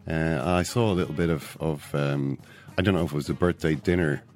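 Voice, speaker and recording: Deadpan low-voiced Irish man. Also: brisk, faint music behind. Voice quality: deadpan, mock-solemn. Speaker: podcast host. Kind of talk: deadpan mock-serious chat.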